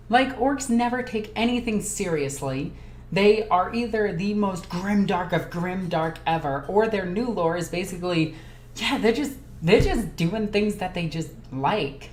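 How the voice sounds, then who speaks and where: A woman hosting a casual live Q&A stream. She reads viewer comments aloud and chats excitedly, jumping from topic to topic. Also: mid-range voice, unhurried. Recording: echoey room with faint ambient noise.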